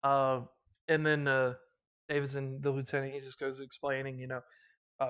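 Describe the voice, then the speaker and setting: A man's voice: medium pitch, monotone, moderate pace, a bit bright, smooth. A man running a tabletop military campaign as game master, narrating with lots of filler words and briefly voicing the officers.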